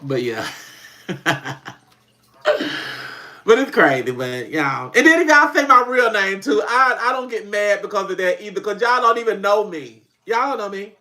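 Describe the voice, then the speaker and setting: A man who makes comedy skits, chatting casually on a livestream as an animated, laughing storyteller who swears freely. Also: high-pitched, a little slow. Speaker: comedy skit creator hosting a livestream.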